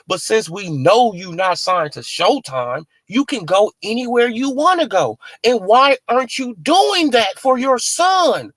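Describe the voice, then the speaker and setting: A man giving casual, animated boxing commentary in heavy slang, mocking and joking as he goes. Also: high voice, measured pace, few pauses, no room sound. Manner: animated, mocking, heavy on "you feel what I'm saying".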